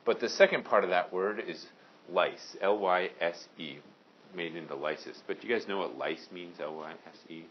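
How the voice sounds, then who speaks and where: A man from Maine teaching a high school science class, casual and joking with his students. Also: normal speed, lo-fi sound, slight background noise. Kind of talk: classroom lecture.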